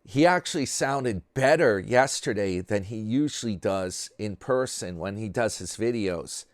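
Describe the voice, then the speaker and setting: A man's voice: fairly low pitch, expressive, measured pace, no echo. A man hosting a commentary channel, talking casually and sarcastically in a rambling way about another creator.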